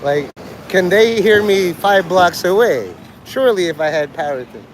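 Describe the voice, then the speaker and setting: A man's voice: high voice, lively intonation, normal speed, a little hiss or hum, rough recording. A man livestreaming outdoors on a city street, rambling crudely and joking provocatively.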